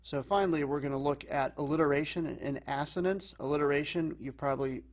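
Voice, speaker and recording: A man teaching a lesson, explaining calmly and slowing down to read lines of verse aloud. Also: on the high side. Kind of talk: explanatory lecture.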